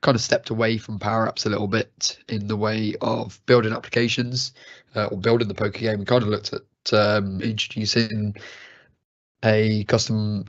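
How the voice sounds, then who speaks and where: A man with a croaky, unwell voice co-hosting a live stream, explaining things hesitantly with many fillers. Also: fairly low pitch, level tone, moderate pace, no room sound. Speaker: co-host of a live training stream. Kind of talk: casual live-stream chat. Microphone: studio mic on a video call. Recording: slightly dull lo-fi stream audio.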